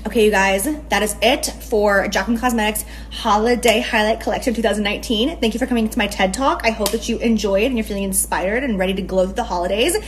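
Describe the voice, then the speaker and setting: Woman beauty vlogger, middle pitch, giggly and foul-mouthed, faint background hiss. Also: quick pace, hardly any pauses, poor audio. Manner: gushing, giggly and profane. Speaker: beauty influencer. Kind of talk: makeup tutorial chat.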